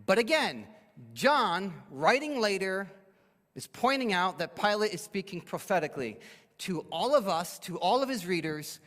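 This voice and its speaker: A man's voice: sits high, big pitch swings, normal speed, fairly bright tone. A man pastor preaching a sermon, explaining a Bible passage and briefly acting out the people in it. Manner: expository preaching, acts out quoted speakers. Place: church sanctuary. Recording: long church hall reverb.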